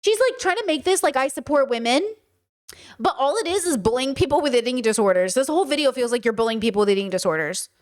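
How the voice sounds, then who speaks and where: A woman's voice: high voice, lively intonation, quick pace. A young woman hosting a reaction stream, ranting and exasperated, swearing as she comments on a video.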